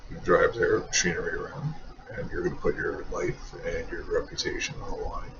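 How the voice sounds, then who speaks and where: A man's voice: sits low, huge pitch swings, fairly quick. A man giving rambling, wry, self-mocking commentary over a racing game. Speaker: sim racing video creator. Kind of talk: casual gameplay commentary. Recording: dull lo-fi mic with faint noise.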